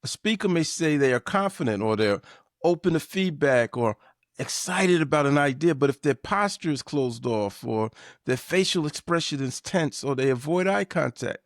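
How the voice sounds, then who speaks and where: A man hosting a business lesson, delivering a scripted talk with measured, emphatic shifts in inflection. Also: medium pitch, dry recording, clean studio sound. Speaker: podcast host.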